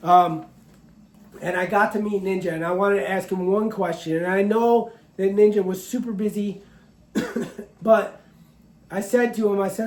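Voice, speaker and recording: A man's voice: high-pitched, normal speed, darkish tone, roomy sound. A man talking casually to camera as a farmer, speaking earnestly and openly about his feelings. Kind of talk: casual vlog talk to camera.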